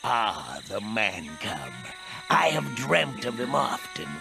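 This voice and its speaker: A man voicing a stately python with a formal, measured manner. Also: mid-range voice, big pitch swings, creaky, full character voice. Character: stately, dry-humored python. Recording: cartoon clip over music.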